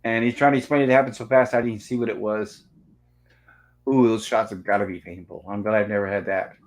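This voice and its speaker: A man's voice: on the low side, steady tone, brisk, highs cut off. A man hosting a casual livestream review, walking through a film scene by scene and reading out its lines. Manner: narrates scenes step by step, reading out dialogue. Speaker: host of a movie review livestream. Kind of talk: casual movie recap.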